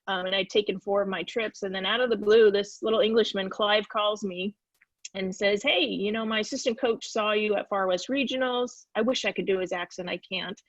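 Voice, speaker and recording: A woman's voice: mid-range voice, brisk, dry recording. A woman from California talks on a video call as an interview guest. She tells stories with energy and acts out the voices of people she quotes. The audio is dull and dry, with no room sound. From California, USA. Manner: lively storyteller who acts out quoted dialogue. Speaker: guest, former soccer player. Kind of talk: casual storytelling in a video-call Q&A.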